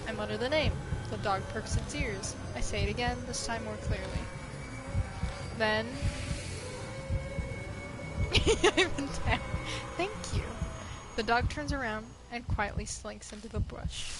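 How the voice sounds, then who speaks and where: A woman hosting a let's play, reading game text aloud and swearing excitedly at the game. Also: a little high, normal speed, music in the background. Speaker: gaming video host.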